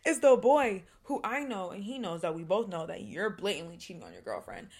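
A woman's voice: mid-range voice, very animated, fairly quick, creaky, a little mellow, slightly rough. A young woman, telling a dramatic story with lots of swearing in casual podcast chat. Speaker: podcast co-host.

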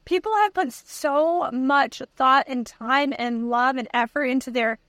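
A young woman co-hosting a podcast, reacting in a quick, playful way in casual chat. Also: high-pitched, a bit bright, no room sound. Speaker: podcast co-host.

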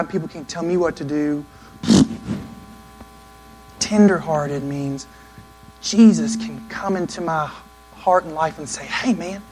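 A man preaching a sermon in an earnest, conversational way, now and then acting out quick asides. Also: fairly high pitch, low-quality recording. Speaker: pastor.

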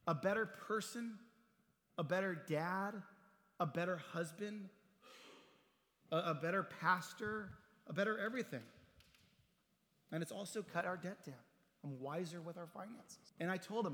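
A man's voice: high-pitched, a little slow, long pauses, bright, forceful tone. A middle-aged man preaching as a pastor, telling personal stories in a conversational way and acting out the dialogue with humor. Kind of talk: sermon with storytelling. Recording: long hall reverb.

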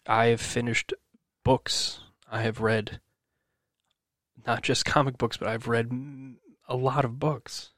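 A man's voice: mid-range voice, fairly bright tone, no echo, clean studio sound. Swearing man venting to his listeners. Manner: swearing, rambling, self-encouraging. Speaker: podcast host. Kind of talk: personal venting monologue.

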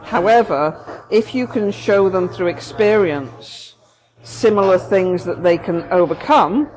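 A woman's voice: medium pitch, animated, takes it slowly, a little mellow, low-quality recording. A woman, a therapist co-hosting a casual talk, explaining her ideas thoughtfully with examples. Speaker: therapist, podcast co-host. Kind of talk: casual conversation.

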